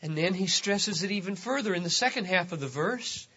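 A man's voice: high voice, lively intonation, a little fast, sharp tone, dull audio, slight background noise. A man preaching a sermon as pastor, stressing key words and repeating phrases, his voice rising sharply on them.

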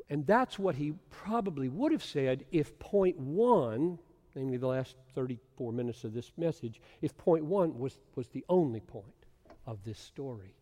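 A man preaching an expository sermon, swinging from hushed whispers to loud emphatic bursts. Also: fairly high pitch. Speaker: pastor. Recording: long hall reverb.

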